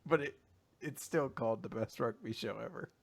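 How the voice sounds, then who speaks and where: A man's voice: medium pitch, normal speed, breathy edge. A man co-hosting a podcast, chatting casually and riffing jokes with a laugh. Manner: jokey, riffs and laughs. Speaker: podcast co-host. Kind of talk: casual chat.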